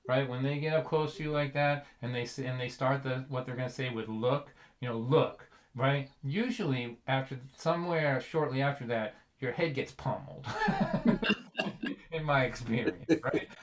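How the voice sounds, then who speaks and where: A man's voice: mid-range voice, animated, normal speed, a little hiss or hum. A man telling a comic story to a livestream audience, rambling along, chuckling and checking in with his listeners. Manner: rambling, chuckling, asks "you know what I mean". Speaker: folk singer and storyteller.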